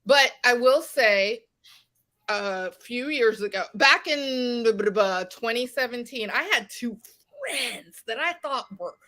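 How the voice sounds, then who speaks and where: A woman from West Virginia, a podcast guest, telling a personal story in an animated way. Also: on the high side, slow pace. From West Virginia, USA. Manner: animated storyteller, acts out quoted exchanges. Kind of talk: podcast conversation.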